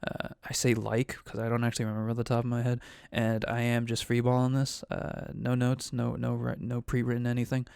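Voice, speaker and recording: Male game master with a gravel-edged, smooth voice, recapping the story casually and profanely. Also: medium pitch, monotone, fairly quick, few pauses, darkish tone, no echo, clean studio sound. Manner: rambling, profane and offhand, with many fillers.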